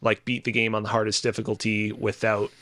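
A man's voice: fairly low pitch, completely flat delivery, brisk, a bit bright, dry recording. A man co-hosting a casual podcast, rambling with lots of fillers and restarts. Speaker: podcast co-host. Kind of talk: casual chat.

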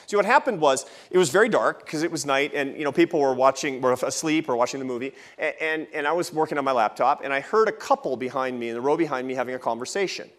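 A man's voice: mid-range voice, fast talker, hardly any pauses, a bit bright. A man in his fifties giving a lecture at a festival, telling a personal story with jokey asides. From United States. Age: 50s.

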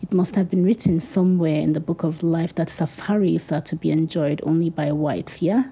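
A woman voicing a proud, indignant young woman who answers with cutting, measured sarcasm in a storybook reading. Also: low voice, fairly even intonation, dark tone, husky. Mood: sarcastic.

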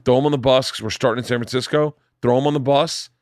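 A man's voice: medium pitch, fairly even intonation, fast talker, no room sound, clean studio sound. A middle-aged man hosting a podcast in casual chat, rambling with stammering restarts. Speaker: podcast host.

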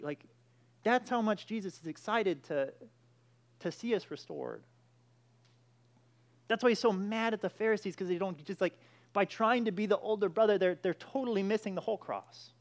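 A man's voice: sits high, normal speed, pauses often. Emphatic man preaching a sermon. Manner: emphatic, with frequent restarts and "all right".

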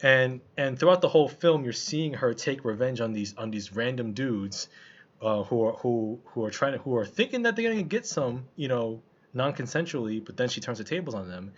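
Husky-voiced man casually reviewing a film. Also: mid-range voice, very animated, moderate pace. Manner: loose and colloquial, lots of restarts and fillers. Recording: slightly muffled lo-fi recording.

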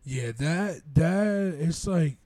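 Young New podcast co-host, warm dark tone, dry close sound, easygoing and profane. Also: male voice, fairly high pitch, expressive, drawn-out words, no echo. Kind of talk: casual podcast chat.

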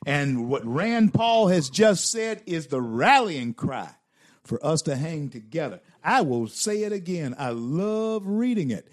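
Male host doing preachy political commentary; drawn-out delivery, repeats lines for emphasis. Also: fairly high pitch, very animated, no echo, studio quality. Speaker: talk show host.

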